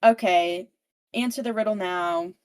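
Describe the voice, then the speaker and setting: A woman's voice: fairly low pitch, unhurried, clear, resonant tone, close to an everyday voice. Woman playing grumpy bridge monsters, hostile, rude, bossy, profane.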